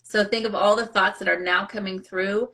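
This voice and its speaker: A woman co-hosting a casual live-stream chat, reflective and quick to laugh. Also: mid-range voice, steady tone. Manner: warm, reflective, laughs often. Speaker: co-host.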